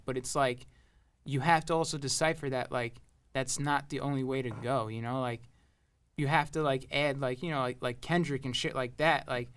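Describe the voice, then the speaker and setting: Smooth-voiced young man, rambling casual talk. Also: medium pitch, a bit bright. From Long Island, New York. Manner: rambling, heavy on fillers and swearing. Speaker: rapper and producer guest. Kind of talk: casual interview chat.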